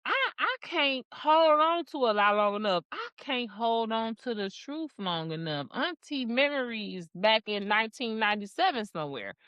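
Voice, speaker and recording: A woman's voice: on the high side, animated, normal speed, few pauses, fairly bright tone, clean tone, no room sound, highs cut off. A woman with a Detroit accent, co-hosting a casual podcast and speaking bluntly and frankly. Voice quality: blunt, frank, swears freely. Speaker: podcast co-host.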